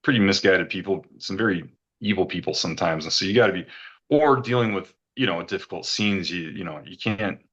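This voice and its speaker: Deep-voiced man telling an emotional story. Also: fairly quick, a bit bright, breathy edge, muffled recording. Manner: earnest, rambling, repeats words when moved. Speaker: retreat guest giving a testimonial.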